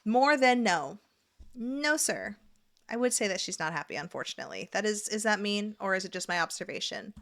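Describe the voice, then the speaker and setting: Woman hostin a reaction vid, blunt n sarcastic, kinda bright sharp voice. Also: mid-range voice, lively intonation, moderate pace. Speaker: reaction video host. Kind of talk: casual reaction commentary.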